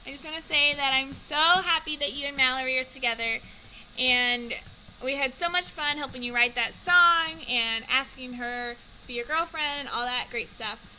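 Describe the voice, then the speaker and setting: Bright, high young woman, bubbly. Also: slight background noise, poor audio. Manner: bubbly, quick, rambling.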